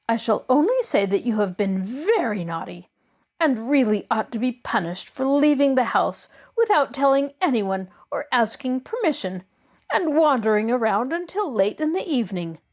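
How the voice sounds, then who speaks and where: A woman voicing a stern, solemn housekeeper whose voice climbs into shrill shrieks. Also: heavily acted. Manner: stern, pompous, rising to shrieks.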